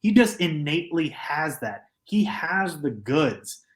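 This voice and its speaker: A man co-hosting a sports podcast in a studio, talking in a measured way and building his points with pauses. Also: on the high side, big pitch swings. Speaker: podcast co-host. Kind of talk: casual sports chat.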